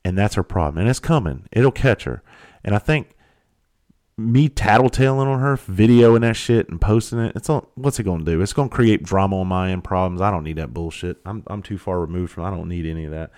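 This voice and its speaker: A man's voice: low-pitched, brisk, a little mellow. A man, a comedian, telling a long personal story in a blunt, profane, conversational way. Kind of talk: storytelling monologue.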